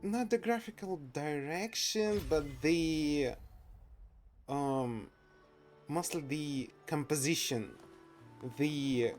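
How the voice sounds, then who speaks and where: A man from Russia with a Russian accent, casually chatting while streaming a game, halting and searching for words, swearing and laughing, with music underneath. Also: a little high. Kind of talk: casual live game commentary.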